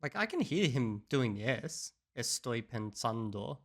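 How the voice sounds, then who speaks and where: A man's voice: mid-range voice, very animated, normal speed. A man hosting a reaction video, thinking aloud in casual commentary and trying out sounds himself.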